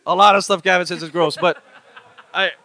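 A man's voice: fairly even intonation, fairly quick, pushed and bright. A man from Hawaii, co-hosting casual studio banter and joking often. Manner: joking, laughs often, pitches up for imitations. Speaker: radio co-host.

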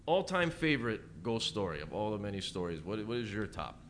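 A podcast host asking questions in a casual, upbeat way, reacting with quick exclamations. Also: male voice, lowish voice, sing-song, fairly bright tone, a little hiss or hum. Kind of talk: casual interview chat.

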